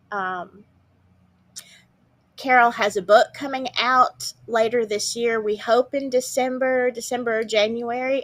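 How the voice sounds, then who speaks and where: A woman hosts a casual livestream from home and chats with her viewers. She talks slowly and unhurriedly, and her voice sounds stuffy and congested from a morning cold. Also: fairly high pitch. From Southern United States. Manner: chatty, greets viewers by name, drawling. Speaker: livestream show host. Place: home, indoors.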